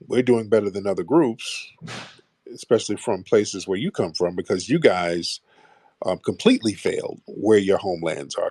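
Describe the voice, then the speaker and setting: A man's voice: lowish voice, darkish tone, husky, no echo. A man hosting a call-in show, blunt and mocking toward callers, often repeating himself. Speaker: host taking callers. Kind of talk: combative call-in talk.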